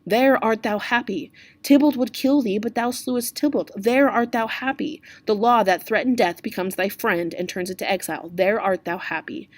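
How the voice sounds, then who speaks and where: A woman's voice: mid-range voice, moderate pace, dry recording, close to an everyday voice. A woman reading aloud as a stern male friar who lectures a young man. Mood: scolding. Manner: lecturing, reproachful.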